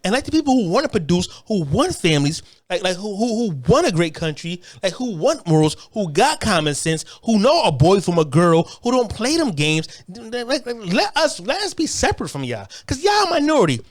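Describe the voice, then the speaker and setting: A man in the middle of a fired-up political monologue. His voice sits high and swings widely, and he curses freely. He keeps stumbling into restarts as he talks. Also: very animated, moderate pace, few pauses. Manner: heated, profane, repetitive restarts. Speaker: online commentator.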